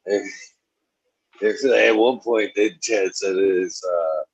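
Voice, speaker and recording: A man making brief, laid-back remarks in a casual chat. His voice is very low and husky, and it sounds dry and close. The recording has a dull, lo-fi quality. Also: takes it slowly.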